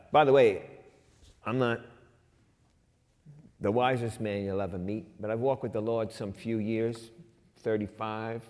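Middle-aged male preacher in a hall. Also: lowish voice. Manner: conversational preaching, swings from loud emphasis to quiet asides. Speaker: pastor. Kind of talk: sermon. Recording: long hall reverb.

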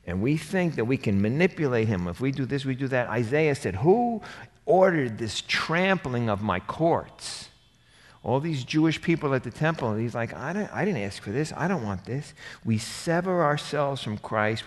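Emphatic preacher in a reverberant hall. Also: male voice, mid-range voice, normal speed, few pauses. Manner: animated, emphatic, rising to near-shouts. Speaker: pastor. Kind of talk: sermon.

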